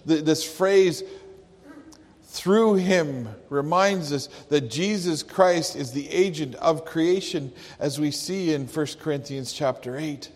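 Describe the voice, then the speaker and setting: A pastor preaching a sermon, slow and emphatic, leaning hard on key words. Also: male voice, fairly high pitch, darkish tone. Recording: long hall reverb.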